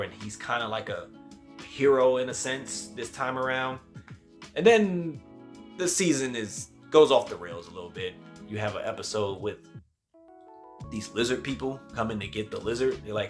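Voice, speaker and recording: Laid-back man with a low voice. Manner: loose, conversational, with frequent fillers and slang. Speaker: TV show reviewer. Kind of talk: casual spoken review.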